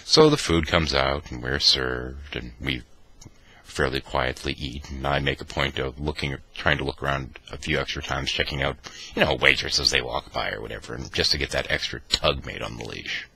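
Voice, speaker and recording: A man vlogging, telling a wry personal anecdote in an animated, mock-dramatic way. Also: extremely low pitch, moderate pace, vocal fry, husky. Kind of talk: anecdotal storytelling.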